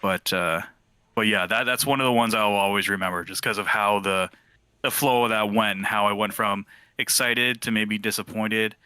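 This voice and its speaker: A man in his thirties casually telling a lively story and acting out the quoted voices. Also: fairly low pitch, moderate pace, clean tone, no echo. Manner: animated, acts out quoted voices. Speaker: team member sharing a memory.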